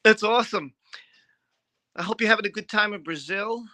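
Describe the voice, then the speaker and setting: A woman's voice: mid-range voice, moderate pace, bright, forceful tone. A middle-aged woman hosting a live stream in casual chat, greeting viewers by name in a chatty, scattered way.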